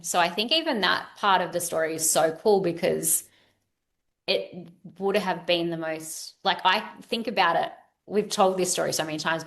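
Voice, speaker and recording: A woman chatting as a guest in a casual interview, animated and quoting her own inner thoughts. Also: on the low side. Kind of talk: casual chat.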